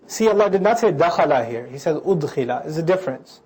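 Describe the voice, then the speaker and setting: Man, preacher, scripture lecture, animated, joking, quick talker. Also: a little high, husky.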